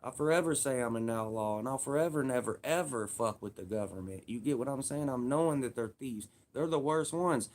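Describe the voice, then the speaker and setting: A man's voice: mid-range voice, darkish tone. A man in his thirties giving a heated, profane casual rant, repeating himself for emphasis. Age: 30s.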